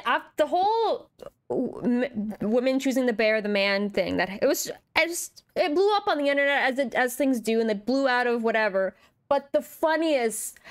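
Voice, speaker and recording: A young woman game streamer with a slightly high voice, chatting casually as she plays. She reads the story text aloud and breaks into animated, rambling asides full of restarts. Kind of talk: casual gameplay commentary and reading aloud.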